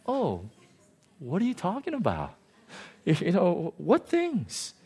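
A man preaching, who voices a gentle, kind man asking a question innocently and softly. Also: high voice, huge pitch swings, slow, slightly rough, pitched above the performer's own voice, full character voice. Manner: soft, innocent.

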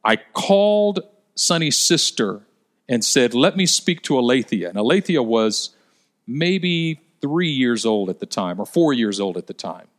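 A male pastor preaching a sermon, telling stories and slowing down for emphasis. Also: mid-range voice, sing-song. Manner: storytelling, slows down for emphasis.

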